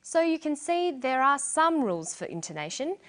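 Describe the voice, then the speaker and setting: Lively, clear-spoken woman teaching English. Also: high voice. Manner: clear, deliberate explaining with lively intonation. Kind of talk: scripted educational narration.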